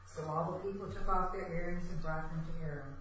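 A man reading a Bible passage aloud in a class, steady and measured. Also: sits high, a little hiss or hum. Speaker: scripture reader in class. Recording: distant echoey lo-fi room recording.

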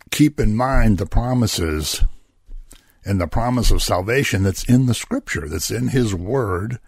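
A man's voice: on the low side, darkish tone, husky, no room sound, clean studio sound. A man preaching a Bible-study sermon in a conversational way, asking rhetorical questions and chuckling between points.

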